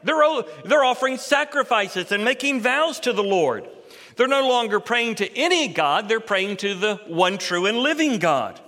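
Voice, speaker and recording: A middle-aged man delivers an expository sermon from the pulpit. His voice sits high and bright, and it climbs and swells when he stresses a line. Long reverb from the sanctuary trails each phrase. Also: animated, moderate pace. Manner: expository preaching, rising in pitch and force for emphasis. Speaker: pastor.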